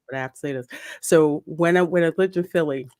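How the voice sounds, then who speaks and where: A woman's voice: sits low, quick pace, dry recording, clean studio sound. A woman hosting a casual live-stream podcast, reading out chat messages and laughing easily. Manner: animated, reads chat names aloud, laughs easily. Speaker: podcast host.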